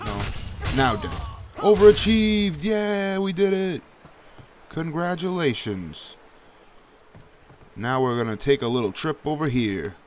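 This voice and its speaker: A young man casually narrating his own gameplay, swearing often and breaking into high yelps when danger shows up. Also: sing-song, slow pace, long pauses, slight background noise. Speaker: gameplay commentator. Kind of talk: casual let's-play commentary.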